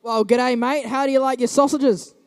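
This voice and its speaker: A young man commentating a live robotics match, jokey and rambling with quick quips. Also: extremely high pitch, steady tone, clear, resonant tone, dry recording. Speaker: event commentator.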